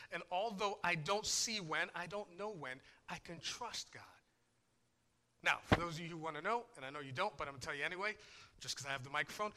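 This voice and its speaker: A pastor giving a conversational sermon, telling personal stories and swinging between loud and soft. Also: male voice, fairly high pitch.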